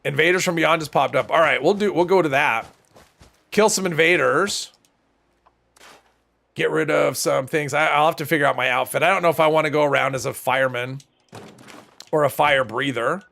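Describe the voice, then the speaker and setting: Stuffy-nosed streamer guy rambling as he plays, kinda high, gravelly. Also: normal speed, long pauses, bright, forceful tone. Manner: rambling, thinking aloud. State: stuffy nose. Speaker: gaming streamer. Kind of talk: casual livestream commentary.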